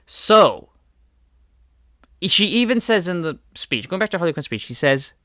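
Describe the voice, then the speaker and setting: A man's voice: high-pitched, sing-song, measured pace, a bit bright, no echo, clean studio sound. A man giving a heated video rant, stressing his points by repeating words. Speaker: video commentator. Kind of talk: ranting video commentary.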